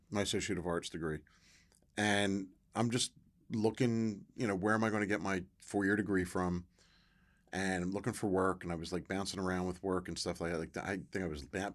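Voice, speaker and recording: A middle-aged man, a former football player, telling his story as a guest in a casual interview, acting out quoted voices with bursts of excitement. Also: low-pitched.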